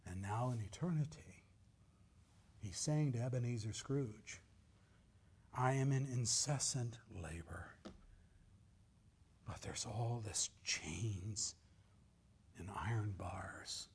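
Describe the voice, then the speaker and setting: Slow, dramatic male pastor preaching. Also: mid-range voice, expressive, slightly rough. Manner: dramatic swings from loud emphasis to near whispers. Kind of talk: sermon.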